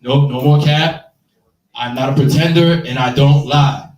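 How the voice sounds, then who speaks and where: A man in his thirties doing a stand-up set, animated and slangy, chatting with the audience. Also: medium pitch, measured pace. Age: 30s. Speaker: stand-up comedian. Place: live comedy show room. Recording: echoey room, mic from far off.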